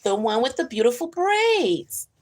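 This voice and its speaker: A woman voicing a chatty, gossipy housemaid with a lively, folksy way of talking. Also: a little high, measured pace.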